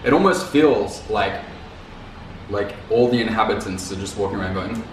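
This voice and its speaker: This vlogger speaks at a normal speed in a voice on the low side, recorded from a distance. His talk to camera is loose and rambling, full of repeated words and casual slang, captured off mic in a very echoey room with faint noise.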